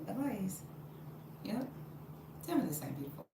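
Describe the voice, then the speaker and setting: A woman's voice: medium pitch, normal speed, long pauses. Woman, chatty live-stream baker, very echoey kitchen, distant phone mic, noisy room. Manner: chatty, expressive, talks to viewers while baking. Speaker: vlogger baking at home. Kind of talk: casual live-stream chat. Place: home kitchen.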